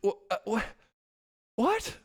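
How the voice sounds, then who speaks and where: A man streaming a game live, rambling and swearing in casual commentary, often laughing. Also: slow pace.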